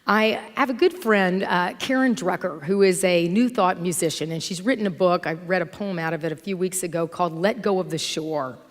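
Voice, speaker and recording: A middle-aged woman minister giving a sermon in a church, telling stories in an animated, conversational way. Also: lowish voice, brisk, few pauses. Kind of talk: sermon with storytelling. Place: church sanctuary. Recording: long hall reverb from church.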